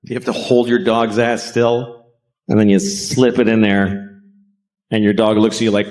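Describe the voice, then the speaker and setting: A middle-aged man doing a stand-up comedy set on stage, deadpan and profane, acting out bits. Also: lowish voice, normal speed. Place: stage before a live audience.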